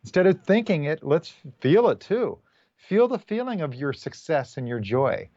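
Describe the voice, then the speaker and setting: A man's voice: on the high side, sing-song, normal speed, a little mellow, no echo, highs cut off. A man, a guest spiritual teacher, talking casually and encouragingly about meditation and inner space, rambling a little as he goes.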